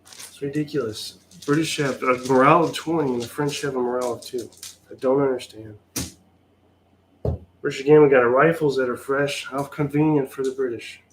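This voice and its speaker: A man's voice: medium pitch, fairly even intonation, fairly quick, a little hiss or hum. A man giving a wry, sarcastic play-by-play of his own solo tabletop wargame, sounding mildly exasperated. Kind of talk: casual play-by-play of a tabletop game.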